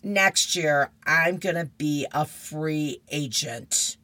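A woman's voice: low voice, slow, bright, forceful tone, no room sound, heavily acted. A woman reading a comic strip voices a brash, bossy little girl.

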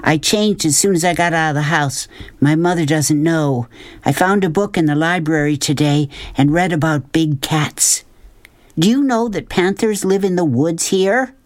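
A woman's voice: deep voice, moderate pace, no echo, clean studio sound, voice pushed up, close to an everyday voice. A woman reading a storybook aloud, voicing an eager, bossy young girl with an urgent, insistent manner.

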